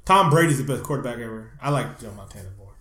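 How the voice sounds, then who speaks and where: A man's voice: mid-range voice, expressive, fast, a bit bright, roomy sound. A man co-hosting a casual podcast chat, joking, laughing often and swearing freely. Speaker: podcast co-host.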